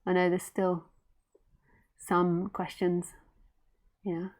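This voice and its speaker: A woman, a spiritual teacher, closing a live talk from home in a soft, unhurried way. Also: fairly low pitch, monotone. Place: at home with her dog.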